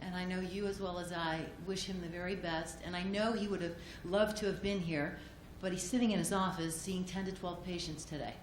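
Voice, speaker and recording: A woman accepting an award for a doctor at a conference, speaking gently, with many fillers and restarts. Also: fairly low pitch, fairly even intonation, brisk, few pauses. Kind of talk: heartfelt conference speech. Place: conference hall. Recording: echoey hall, audience noise.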